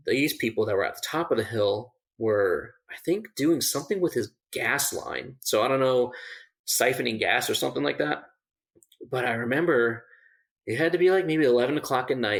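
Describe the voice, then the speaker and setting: A man's voice: medium pitch, creaky. A man, a survival instructor, casually telling a story on a podcast, with many fillers and restarts and laughing at the funny parts. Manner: laughs through funny moments.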